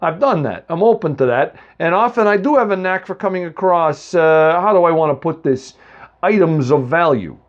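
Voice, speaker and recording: A man acting out a pint-sized male leprechaun with a tinny voice and a mob boss's swagger. He snaps out sarcastic put-downs and orders with a bouncy, lively pitch. The recording is dull and lo-fi. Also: moderate pace, natural voice. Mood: menacing. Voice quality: tinny, small voice. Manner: snappy, sarcastic, bossy.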